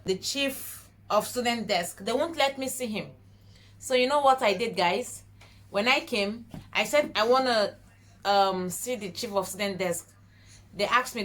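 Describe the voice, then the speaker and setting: A woman's voice: a little high, fairly bright tone. A young woman vlogger telling a personal story to camera in an emotional way, often calling her viewers "guys" and acting out prayers and dialogue.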